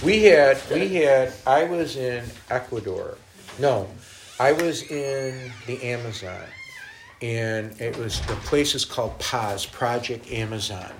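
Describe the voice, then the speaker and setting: A middle-aged man sits as a guest and tells stories in an easygoing, animated way. His pitch sits in the middle of the male range. He acts out other people's lines and laughs as he goes. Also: slow, a little hiss or hum. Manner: animated storyteller, voices quotes, laughs often. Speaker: guest minister. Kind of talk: casual storytelling interview.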